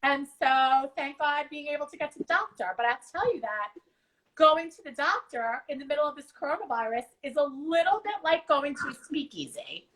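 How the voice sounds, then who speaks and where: Bright, chatty woman hosting a live chat. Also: high voice, a little fast, low-quality recording. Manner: chatty and animated, swears casually. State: recovering from strep throat. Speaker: host. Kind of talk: casual livestream chat.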